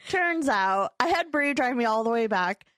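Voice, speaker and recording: A young adult woman hosting a podcast, telling a story in a casual chat, animated and acting out her own quotes with frequent laughter. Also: on the high side, dry recording. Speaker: podcast co-host.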